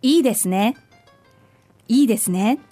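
A woman's voice: fairly high pitch, lively intonation, fast talker, dark tone, no room sound. A woman co-hosts a language podcast. She models each phrase carefully and repeats it for learners, then answers questions in short sentences. Faint music sits behind her. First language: Japanese. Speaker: podcast co-host and native-speaker model.

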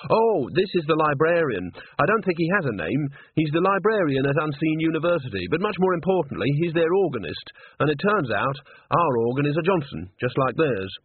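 A man reading aloud while voicing a calm young male organist who reassures gently and brushes worries aside. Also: a little high, a little fast, breathy edge, no echo, pitched above the performer's own voice. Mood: explaining. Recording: tinny narrow phone-like sound.

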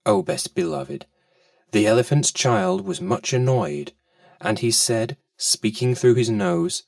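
Gravelly man reading a storybook. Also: mid-range voice, takes it slowly, no echo, clean studio sound, recorded from a distance. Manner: fond, expressive storytelling. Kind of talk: reading a children's story aloud. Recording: voice a bit off-mic.

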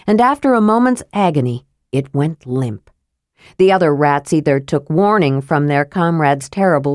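A woman narrating a fantasy audiobook in a measured, steady storytelling manner. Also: on the low side, no echo, studio quality.

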